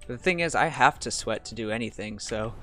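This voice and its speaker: A man's voice: mid-range voice, animated, a little fast, bright, forceful tone, faint music behind. A man streaming a game, chatting casually and laughing often at his friend's jokes. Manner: laughs often, jokey reactions. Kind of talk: casual gaming stream chat.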